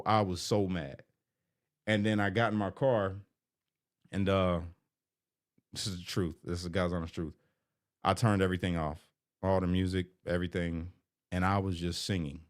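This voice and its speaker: A middle-aged man telling his own story in a candid, emotional vlog, rambling with fillers. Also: low-pitched. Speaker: vlogger. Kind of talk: personal vlog, confessional storytelling.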